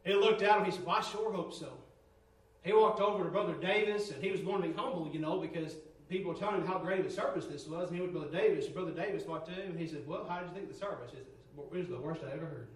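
A man preaching a sermon, fervent and swinging from near shouts to low storytelling tones. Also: rapid-fire, far from the mic. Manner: fervent, rising to near shouts, dropping low for quoted stories. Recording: roomy echo, from off-mic.

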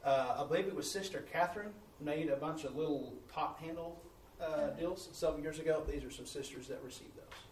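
A man's voice: fairly high pitch, fairly quick, few pauses, darkish tone, slight background noise. A man, a missionary preacher telling testimonies in a folksy sermon style, acting out the dialogue. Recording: echoey room, distant mic, faint ambience.

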